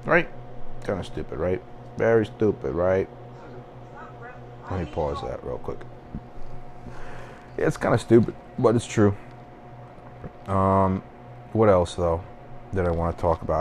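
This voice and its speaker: A man's voice: sits low, lively intonation, measured pace, pauses often, darkish tone, a little hiss or hum. A young man hosting a solo podcast, rambling and venting casually with frequent swearing and self-deprecating asides. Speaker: podcast host.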